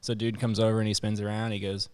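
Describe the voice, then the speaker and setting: A man's voice: on the low side, completely flat delivery, quick pace, darkish tone. A man hosting a podcast, telling a story in casual chat and acting out the voices of the people in it. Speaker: podcast host.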